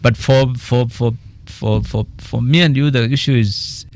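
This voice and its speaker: A Kenyan-accented political economist appears as a guest on a radio interview, speaking at medium pitch and an unhurried pace. He's animated, telling stories sprinkled with quoted asides.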